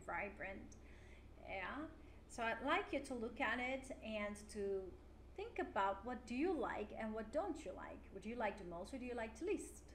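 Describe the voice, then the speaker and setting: A woman teaching an English lesson online, clear and encouraging, with frequent "yeah" fillers. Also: medium pitch. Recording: roomy with faint noise.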